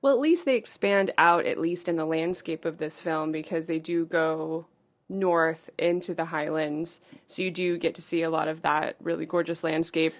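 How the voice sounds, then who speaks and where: Female podcast co-host, lowish voice, easygoing and agreeable. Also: steady tone, normal speed. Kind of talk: casual film discussion.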